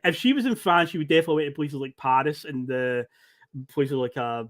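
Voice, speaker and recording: A man's voice: on the high side, a little fast. A Scottish man in his thirties on a podcast, telling rambling travel anecdotes, acting out quotes and laughing often. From Scotland. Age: 30s. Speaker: podcast guest storyteller. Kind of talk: casual podcast chat.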